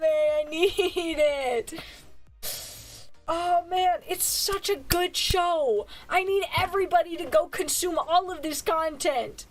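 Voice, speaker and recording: Slow, high-voiced gushing woman. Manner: gushing, swears freely, laughs often. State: tired, yawning. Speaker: virtual streamer reviewing manga. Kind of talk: casual chat.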